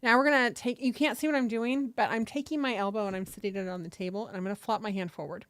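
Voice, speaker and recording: A woman's voice: on the high side, steady tone, quick pace, a bit bright, no echo. A woman hosting a casual livestream, talking viewers through stretches, swearing casually and greeting people from the chat, seated at a table with a desk microphone. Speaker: livestream host. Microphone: desk microphone close by.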